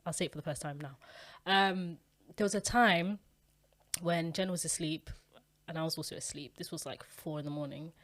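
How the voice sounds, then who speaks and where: A woman's voice: deep voice, steady tone, normal speed, a bit bright. Young woman, podcast co-host, candid storytelling, slangy. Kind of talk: casual chat.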